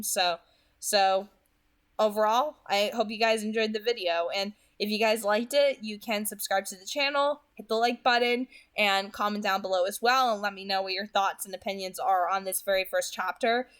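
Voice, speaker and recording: A woman's voice: mid-range voice, fairly even intonation, moderate pace, a bit bright. A woman in her twenties with a New Jersey accent, rambling through casual commentary after a read-aloud on her channel and often repeating her words. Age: 20s. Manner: chatty, rambling, repeats words, many fillers. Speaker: book reading channel host. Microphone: home studio microphone.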